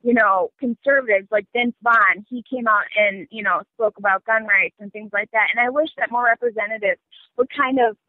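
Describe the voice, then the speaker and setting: A woman's voice: on the high side, moderate pace, no echo. A young woman, a guest on a political talk show, chatting casually with lots of ums and small laughs, heard over a phone line. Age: young adult. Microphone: phone call.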